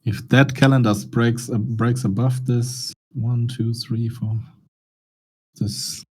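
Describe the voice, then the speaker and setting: A man's voice: medium pitch, little pitch movement, takes it slowly, darkish tone, breathy edge. A man chatting casually with friends about trading. He laughs easily and swears casually. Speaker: trader in a group voice chat. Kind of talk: casual chat.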